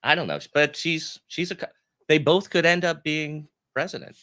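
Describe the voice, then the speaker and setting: A man's voice: fairly high pitch, normal speed, sharp tone. A man in a casual chat who agrees easily and gives his own opinions in a talkative way.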